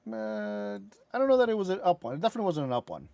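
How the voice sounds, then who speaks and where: A man chatting casually as he reacts to game cinematics, excitable, rambling and profane. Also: high-pitched, rapid-fire, vocal fry, dry recording. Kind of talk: casual chat.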